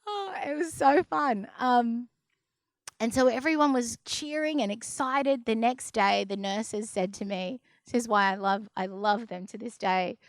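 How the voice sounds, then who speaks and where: A young adult woman telling a personal story to an audience in a lively, expressive way. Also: no echo. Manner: lively, acts out others' voices in a higher pitch; quieter and slower when describing the deep experience. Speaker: speaker sharing a personal story.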